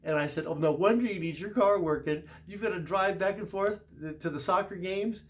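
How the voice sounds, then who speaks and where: Middle-aged man, casual storyteller, slightly high voice, chatty with self-corrections. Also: brisk. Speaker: service manager.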